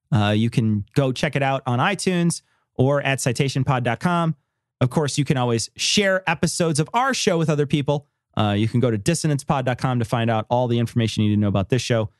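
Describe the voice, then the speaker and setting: A man's voice: a little high, no room sound, clean studio sound. A man co-hosting a podcast, joking around with lots of swearing. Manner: profane, joking, animated. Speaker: podcast co-host. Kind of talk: casual podcast banter.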